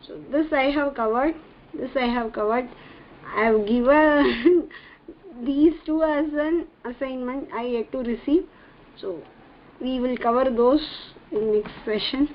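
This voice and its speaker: A woman's voice: sits high, unhurried, a little hiss or hum. A woman teaching a Tamil reading lesson online, patiently sounding out words syllable by syllable. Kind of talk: slow online language lesson. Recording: dull lo-fi online class audio.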